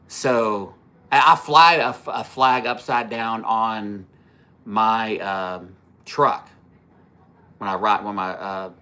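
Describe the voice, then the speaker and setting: A man in his fifties hosts a casual livestream, his voice low-pitched yet bright and forceful. He rambles through his stories, swears freely, and keeps backing up to restart sentences with plenty of fillers. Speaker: livestream host.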